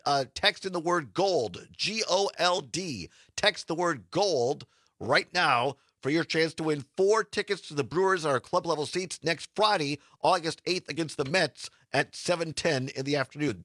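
A man's voice: fairly high pitch, expressive, moderate pace, pushed and bright, no echo, studio quality. A man hosting a casual radio talk show, chatty and laughing often as he reads promos.

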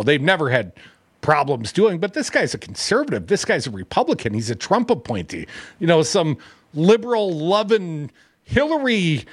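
Lively, joking talk radio host man. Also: sits high, husky, no room sound, studio quality. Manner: lively, joking, animated delivery. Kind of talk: casual talk radio banter.

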